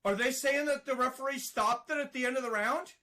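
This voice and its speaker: A man giving excited live play-by-play fight commentary, rising to shouts at big moments. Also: very high-pitched, brisk.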